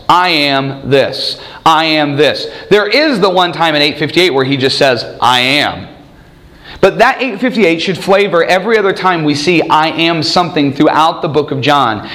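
Male preacher with a fairly high voice, lively sermon delivery. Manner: animated, acts out quoted voices.

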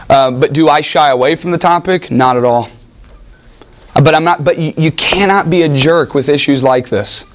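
A man teaching a Bible class in an animated, informal way, restarting sentences often and acting out what people say. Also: fairly high pitch, normal speed. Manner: animated, with frequent restarts and acted-out quotes. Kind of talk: informal teaching talk with anecdotes.

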